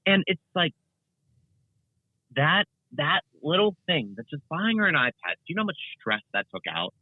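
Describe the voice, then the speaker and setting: Animated young man on a tinny line. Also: a little high, normal speed, no echo. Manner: rambling, animated, many fillers and restarts. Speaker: guest content creator. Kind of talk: casual interview chat.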